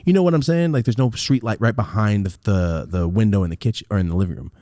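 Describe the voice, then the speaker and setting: A young man hosting a podcast, telling a story in a casual, profane, animated way and acting out the scenes, on a close mic. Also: on the low side, fast, no echo. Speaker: podcast host.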